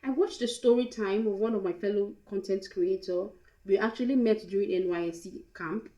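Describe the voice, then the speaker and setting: A woman's voice: mid-range voice, brisk, dark tone, echoey room, low-quality recording. A young Nigerian woman vlogger telling a candid, emotional storytime, slipping into pidgin now and then. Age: young adult. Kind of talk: storytime vlog.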